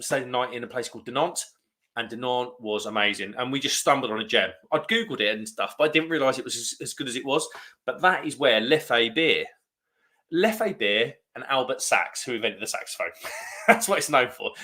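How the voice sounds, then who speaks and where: A man's voice: mid-range voice, pushed and bright. A man hosting a casual beer-review live stream, chatting in a rambling way and reading viewer comments aloud.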